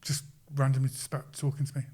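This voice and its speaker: A man's voice: medium pitch, quick pace, husky. A middle-aged man, a sports coach, telling a story as a podcast guest in a casual way, acting out the quoted lines with chuckles. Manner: lively retelling, acts out quoted lines, chuckles.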